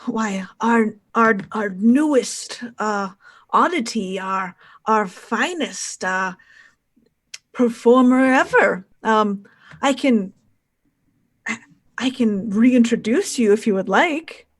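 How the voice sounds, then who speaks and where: A woman's voice: fairly high pitch, lively intonation, slow. A woman doing a boastful circus ringmaster. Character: grandiose male circus ringmaster.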